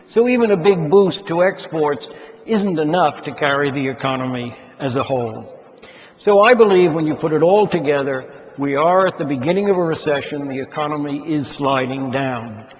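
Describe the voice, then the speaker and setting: A man giving a formal economics talk to investment advisors, measured and deliberate, stressing key words as he explains. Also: a little high. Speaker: keynote speaker addressing investment advisors. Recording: dull lo-fi sound with long hall reverb.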